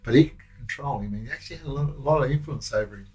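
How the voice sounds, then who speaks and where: A man's voice: medium pitch, racing, darkish tone, rough recording. An older man with an Australian accent, a former prison officer telling rambling, slang-filled stories in a casual interview. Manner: rambling, anecdotal, with slang and restarts.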